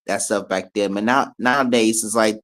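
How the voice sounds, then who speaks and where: A man hosting a casual talk, rambling with many halting restarts. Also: fairly low pitch, steady tone, a bit bright. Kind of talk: casual chat.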